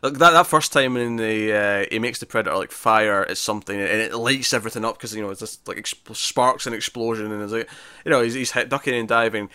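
A man co-hosting a podcast, chatting casually and animatedly about a film, now and then quoting lines in a loud impression. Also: fairly low pitch, a little fast, clean tone, no echo, studio quality. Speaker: podcast co-host. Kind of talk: casual film review chat.

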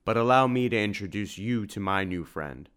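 A man's voice: on the low side, lively intonation, normal speed, fairly bright tone, smooth. A man voicing a noble male vampire hunter hero who speaks in a formal, old-fashioned way, in a storybook reading. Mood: courtly.

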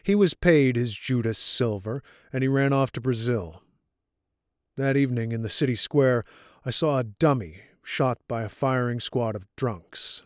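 A man reading the part of a scarred older man gravely confessing that he betrayed his rescuer, in an audiobook story. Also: mid-range voice, a little slow, darkish tone, dry recording, clean studio sound, close to an everyday voice. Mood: bitter.

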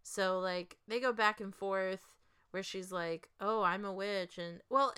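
A woman's voice: medium pitch, fairly even intonation, measured pace, pushed and bright, clean tone. A woman co-hosting a casual podcast chat, sharing trivia with a chatty, laughing manner. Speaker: podcast co-host.

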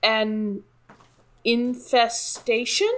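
A man putting on the voice of a stiff male TV news anchor with a measured newsreader delivery. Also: very high-pitched, little pitch movement, a bit bright, full character voice. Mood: mock-serious.

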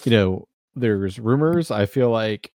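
A man's voice: on the low side, lively intonation, slow pace, darkish tone. A man hosting a casual podcast chat, talking in a loose, rambling way as he thinks aloud. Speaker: podcast host.

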